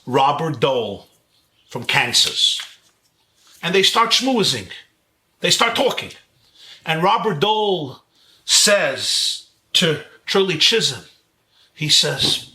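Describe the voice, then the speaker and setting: A man from Brooklyn, a rabbi telling a story in an animated lecture over a video call, full of rhetorical questions. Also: on the high side. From Brooklyn, New York. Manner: animated, rhetorical questions, chuckles at own jokes.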